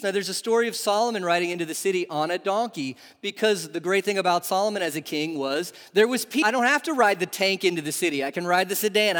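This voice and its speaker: A man preaching a sermon in a lively, animated way, putting question after question to his listeners. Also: sits high. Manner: animated, asks the audience questions. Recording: long reverb of a large hall.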